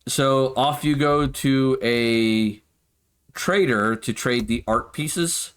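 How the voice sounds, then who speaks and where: A man narrating as game master for a tabletop game. He speaks at a mid pitch, with plenty of ums and restarts as he sets each scene. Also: fairly bright tone, smooth. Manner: halting, filler-heavy narration.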